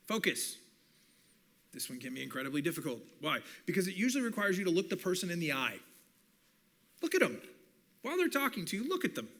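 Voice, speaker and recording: Bright-voiced man teaching at church. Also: on the high side, creaky. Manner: animated, acts out quoted dialogue. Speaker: communications professor.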